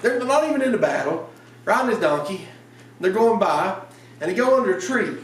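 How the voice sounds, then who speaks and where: Guy giving a laid-back sermon, tells the story all animated, voice a bit high, roomy church sound from back of the room. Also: brisk, recorded from a distance. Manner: lively storytelling, laughs at the story, acts out lines. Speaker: preacher. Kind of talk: casual evening sermon. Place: church sanctuary.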